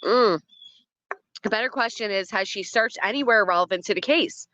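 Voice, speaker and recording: A woman's voice: medium pitch, moderate pace, pushed and bright, dry recording. A woman hosting a livestream who reacts to a clip, greets people in the chat, and picks apart what she hears with a skeptical, argumentative tone. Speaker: commentary livestream host.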